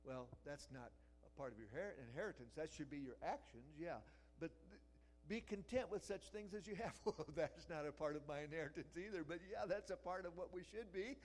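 A man's voice: on the high side, fairly quick, rough recording. Emphatic pastor, man preaching. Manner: emphatic, builds to loud repeated cries then drops to a quiet prayer. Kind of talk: sermon. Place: church before a congregation.

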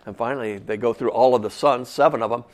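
A man's voice: medium pitch, fast. A man preaching a sermon in a folksy, conversational way, full of casual asides.

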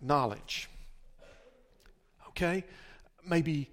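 A man's voice: fairly high pitch, lively intonation, drawn-out words. An older man preaching a sermon as the pastor, emphatic and often repeating and restarting his words.

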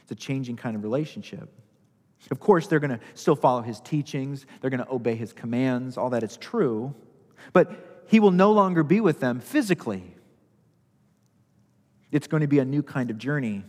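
A man's voice: mid-range voice, animated, moderate pace, a little mellow, long reverb tail. A male pastor preaching a sermon, repeating key phrases for emphasis.

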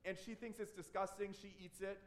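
A man's voice: high voice, flat delivery, a little fast. A man preaching a sermon, earnest and conversational, often restarting his phrases. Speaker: pastor.

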